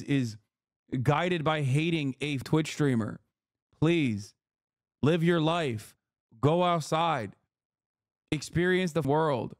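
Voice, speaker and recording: A man's voice: a little high, a little mellow, no echo. Dry-voiced man mocking his chat. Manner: mocking, profane, ranting at chat. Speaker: streamer reacting to a video. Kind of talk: casual live-stream chat.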